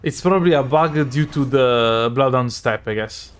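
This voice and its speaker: A man's voice: mid-range voice, normal speed, clear, resonant tone. A man from Northeast Italy with a Northeast Italian accent, whose first language is Italian, streaming a game and rambling in casual asides while he plays. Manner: chatty, rambling asides between game reactions. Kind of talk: casual live gameplay commentary.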